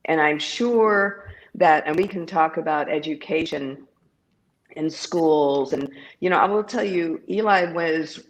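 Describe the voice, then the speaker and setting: Low, slow-talking middle-aged woman. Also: low-quality recording. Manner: thoughtful, hesitant. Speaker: co-host and moderator. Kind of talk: casual panel chat.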